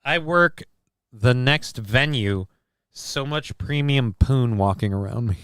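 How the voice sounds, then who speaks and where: A man's voice: medium pitch, animated, slow, a bit bright, clean tone, dry recording, clean studio sound. A man hosting a casual live-stream show, reading chat messages aloud and riffing on them in a crude, joking, rambling way.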